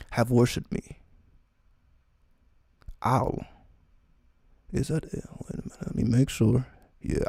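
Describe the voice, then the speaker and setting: A man casually reading a text aloud, slowly and with frequent asides, in loose informal talk. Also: fairly low pitch, vocal fry, warm tone, breathy edge, dry recording, studio quality. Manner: reads slowly, stopping often for asides.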